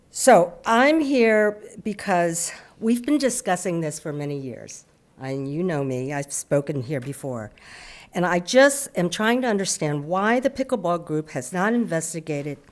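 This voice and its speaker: A woman giving an insistent, unscripted public comment at a city council meeting, sometimes stumbling and restarting. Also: deep voice.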